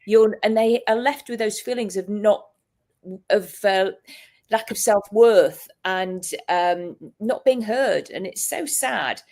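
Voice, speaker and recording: A woman, a hypnotist hosting an interview, talking enthusiastically in a casual chat, often pausing on fillers. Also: medium pitch, darkish tone. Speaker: hypnotist and podcast host.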